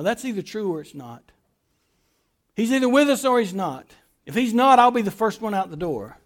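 A man preaching a sermon as pastor, swinging between loud emphatic lines and soft quiet ones, repeating phrases and restarting words. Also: high-pitched.

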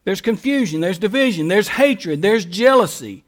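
High-voiced man preaching emphatically. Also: expressive, normal speed. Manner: emphatic preaching with repeated lists and rhetorical questions. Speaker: pastor. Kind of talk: sermon.

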